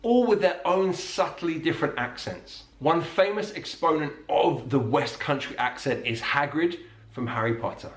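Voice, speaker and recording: A man with a British accent narrating a scripted explainer about regional accents, speaking clearly. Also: fairly high pitch, expressive, normal speed, echoey room. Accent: British English.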